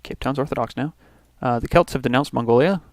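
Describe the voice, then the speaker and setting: A man's voice: mid-range voice, fast, no room sound. A man from Canada hosting a let's play, casually thinking aloud through his turns with restarts and little asides. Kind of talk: casual gameplay commentary.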